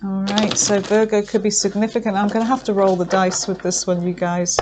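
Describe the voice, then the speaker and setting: Lady doing a tarot reading, gets all emotional, lots of ums, normal pitch. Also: little pitch movement, a little fast, background noise. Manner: effusive and emotional, thinking aloud with many fillers. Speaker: tarot reader. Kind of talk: tarot card reading to camera.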